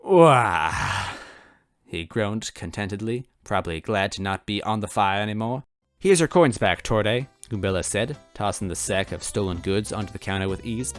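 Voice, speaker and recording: A man's voice: lowish voice, brisk, few pauses, no room sound, studio quality, faint music behind. A man reading fan fiction aloud in first person, adding wry asides to the listener. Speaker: story reader.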